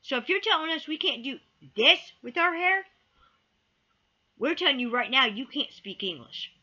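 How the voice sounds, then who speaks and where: A woman's voice: high voice, lively intonation, normal speed, bright, forceful tone, highs cut off. A woman giving a heated opinion rant to camera. She repeats key words for emphasis and sometimes swears. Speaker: vlogger.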